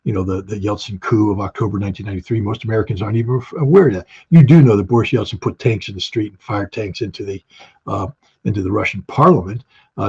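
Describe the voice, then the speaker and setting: A man's voice: on the low side, a little mellow, breathy edge, lo-fi sound. A man speaking as an interview guest, blunt and emphatic, firing off rhetorical questions and answering them himself. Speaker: guest commentator. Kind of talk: opinionated interview talk.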